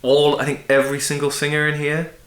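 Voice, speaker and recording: A man's voice: a little high, completely flat delivery, fast talker, fairly bright tone. A young man hosting a casual music podcast, thinking aloud with frequent restarts and fillers. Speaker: podcast host. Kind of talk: casual chat. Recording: roomy echo.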